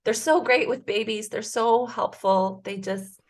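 A woman's voice: on the high side, fairly even intonation, measured pace. A woman in her forties telling a personal story as a podcast guest, earnest and emotional, with frequent restarts. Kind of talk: casual conversation.

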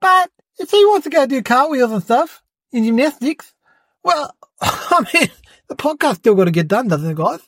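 An adult plays a cheeky young boy hosting his own podcast in a comedic monologue, boastfully rambling, fibbing and calling people "mate." The heavily acted voice sits high with big pitch swings and a fairly bright tone. It moves at normal speed with no room sound.

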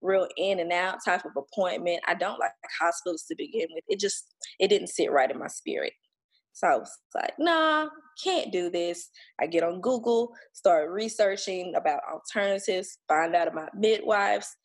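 A woman's voice: on the low side, normal speed, husky. A woman guest telling her story in a casual, blunt and emphatic way, swearing now and then and acting out what others said to her. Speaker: podcast guest sharing her birth story.

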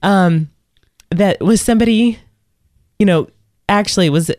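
A woman's voice: medium pitch, moderate pace, darkish tone, no room sound, clean studio sound. A woman co-hosting a casual radio chat, rambling with many restarts and laughs. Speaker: co-host.

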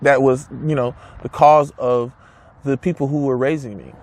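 A man's voice: mid-range voice, steady tone, normal speed, a little mellow. A man giving an emphatic, casual motivational talk to camera, repeating his points and asking rhetorical questions, with blunt wording. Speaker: motivational speaker.

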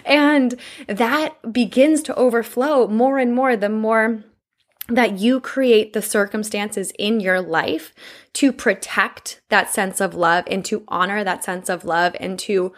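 A woman's voice: medium pitch, takes it slowly. Twenty-something woman hosting a self-love podcast, cusses a lot, hyped and a bit winded. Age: 20s. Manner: profane, effusive and encouraging. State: out of breath. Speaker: podcast host. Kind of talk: casual self-help monologue.

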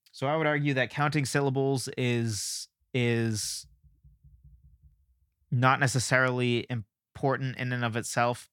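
A man's voice: medium pitch, fairly bright tone, no echo, studio quality. A male podcast host explaining ideas in a casual monologue, thinking aloud with restarts and checking in with "right?".

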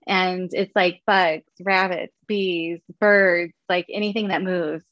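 A woman's voice: lowish voice, flat delivery, slow pace, dry recording, muffled recording. A woman guest talking casually about her dogs, chatty with plenty of fillers. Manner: chatty, laughs often, many fillers. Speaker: guest, dog owner. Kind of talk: casual interview chat.

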